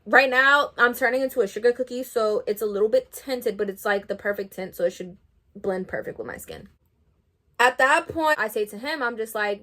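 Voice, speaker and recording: Young woman vlogging her makeup, kinda high voice, animated storytime, swears a lot. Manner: animated, swears freely, lots of "like" and quoted dialogue. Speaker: rapper and makeup artist vlogger. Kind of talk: casual storytime while doing makeup.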